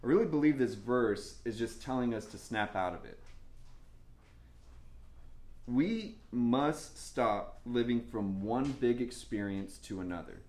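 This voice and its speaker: A young man preaching a sermon in a casual, animated way, with laughs and asides. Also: mid-range voice, a little slow. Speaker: pastor. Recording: echoey room.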